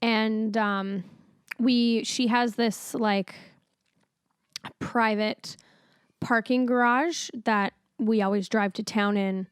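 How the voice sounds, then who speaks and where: A young woman chats on a podcast, her voice sitting a little high and recorded dry and close. She tells stories with lots of energy, quick laughs and casual swearing. The mood is relaxed, between friends. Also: clean tone, dry recording. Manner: animated storytelling, laughs often, swears freely. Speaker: podcast co-host. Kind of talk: casual chat.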